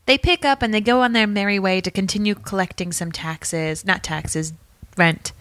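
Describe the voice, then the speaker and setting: A woman co-hosting a casual podcast, retelling scenes in an animated and playful way. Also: mid-range voice, normal speed, no echo. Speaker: podcast co-host.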